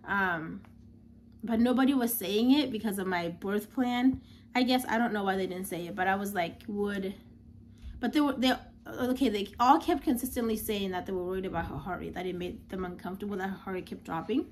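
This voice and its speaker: A young woman recounts a personal story, chatty and unpolished, with frequent filler words. Her voice sits at a middling pitch. A faint hiss runs underneath. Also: fairly quick. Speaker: new mother.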